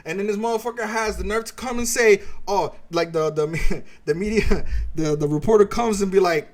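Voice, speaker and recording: High-voiced man ranting with heavy swearing. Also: moderate pace, hardly any pauses. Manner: heated, sarcastic, swears a lot. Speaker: streamer reacting to a clip. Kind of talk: profane reaction rant.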